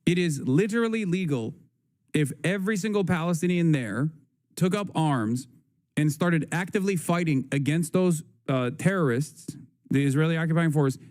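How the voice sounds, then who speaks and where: A man's voice: a little high, animated, normal speed, darkish tone. A man hosting a livestream, talking in an emphatic, profane way and repeating his points. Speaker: livestream host. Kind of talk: casual livestream commentary.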